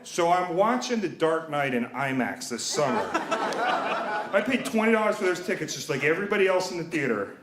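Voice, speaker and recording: A man's voice: fairly high pitch, sing-song, normal speed, a bit bright, roomy sound, slight background noise. A man in his thirties telling a personal story live, wry and self-mocking, acting out the voices of the people in it. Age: 30s.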